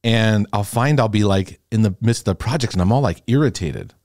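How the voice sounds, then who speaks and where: A man's voice: fairly low pitch, expressive, a little fast, darkish tone, dry recording, clean studio sound. A man hosting a podcast, talking in a candid, reflective way with frequent hesitations and restarts. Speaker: podcast host. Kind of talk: candid conversational podcast talk.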